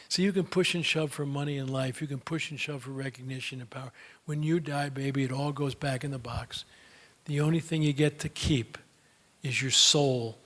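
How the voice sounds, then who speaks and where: A man's voice: on the high side, fairly even intonation, brisk. An older man giving a folksy motivational talk, telling stories with many fillers and answering audience questions. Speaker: speaker.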